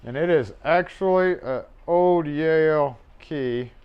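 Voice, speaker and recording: Chatty man, rather high voice. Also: slow, smooth, highs cut off. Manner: rambling, offhand, swears and chuckles while working. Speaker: locksmith livestream host. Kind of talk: casual live-stream chat. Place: locksmith shop. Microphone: mobile mic.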